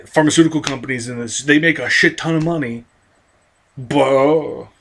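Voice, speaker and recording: A man's voice: medium pitch, normal speed, vocal fry, a bit bright. Swearing, ranting American man. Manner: heavily profane, angry, rambling with frequent restarts and tangents. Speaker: video commentator. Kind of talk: ranting commentary mixed with reading an article aloud.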